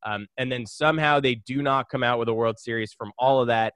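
A man's voice: mid-range voice, brisk, a bit bright, clean tone, no room sound. A man co-hosting a casual sports podcast, talking in an opinionated, conversational way. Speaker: podcast co-host.

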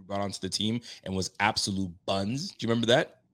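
A man hosting a casual sports podcast, animated and laughing, getting loud for emphasis. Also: on the low side, fast. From Haitian roots. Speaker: podcast host.

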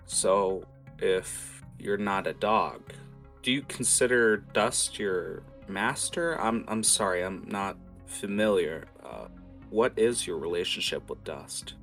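A glum, hollowed-out man, voiced by a man running a tabletop game talks softly and haltingly. The voice sits low and muted. Faint music hums underneath. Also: vocal fry, full character voice. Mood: gloomy. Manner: soft, subdued, hesitant.

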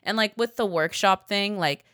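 A woman in her twenties telling stories in casual chat, animated and full of swearing. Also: mid-range voice, moderate pace, clean tone, no echo, clean studio sound. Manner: profane, animated storyteller.

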